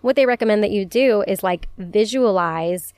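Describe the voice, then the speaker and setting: A woman's voice: medium pitch, moderate pace, a little mellow, no echo, clean studio sound. A young woman in her twenties hosting an advice podcast in a casual, chatty way, swearing freely, laughing often and saying "like" a lot. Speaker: podcast host.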